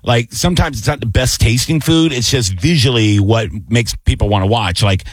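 A man's voice: mid-range voice, normal speed, no echo. A man who makes food videos, chatting casually and animatedly, often restarting his sentences. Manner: animated, acts out quotes in raised voice. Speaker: food content creator. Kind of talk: casual chat.

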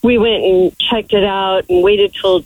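Lady caller on a tinny phone line, a bit husky, chatty and easygoing. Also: mid-range voice, fairly even intonation, a little slow, no room sound. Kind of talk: casual phone call to radio show.

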